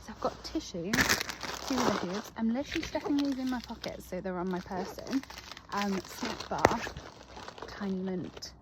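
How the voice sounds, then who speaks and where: A woman's voice: mid-range voice, a little slow, very noisy. A young woman talking to camera in a chatty daily vlog, rambling with lots of ums and likes. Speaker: vlogger.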